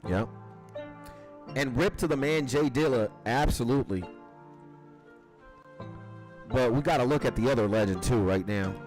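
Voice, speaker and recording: A man hosting a casual livestream, talking in an animated, profane way and leaning on "like" as filler. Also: mid-range voice, moderate pace, pauses often, faint music behind, rough recording. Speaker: livestream host.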